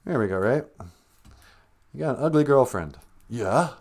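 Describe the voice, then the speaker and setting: A man's voice: mid-range voice, animated, normal speed, gravelly, darkish tone. A man hosting a comedic live-stream language lesson, teasing a pretend caller in a blunt, chatty way. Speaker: Ojibwe language teacher and host.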